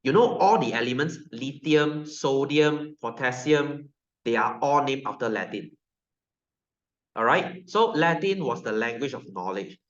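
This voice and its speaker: A man's voice: medium pitch, expressive, a little slow. Malaysian-accented man teaching science, playful, fires questions at the class, muffled and echoey. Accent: Malaysian English. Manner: joking, keeps quizzing students. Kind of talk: classroom lecture. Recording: roomy, dull sound.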